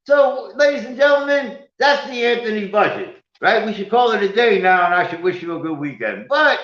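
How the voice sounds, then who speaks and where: A man giving a finance lecture from slides, often calling out to "ladies and gentlemen" and checking in with "right?". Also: high-pitched, normal speed. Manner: animated, keeps addressing "ladies and gentlemen" and asking "right?". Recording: echoey room, dull lo-fi sound.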